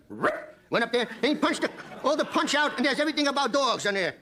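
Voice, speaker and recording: A man's voice: very high-pitched, very animated, quick pace, pushed and bright. A man comedian telling a joke story, laughing through it as he goes. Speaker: stand-up comedian.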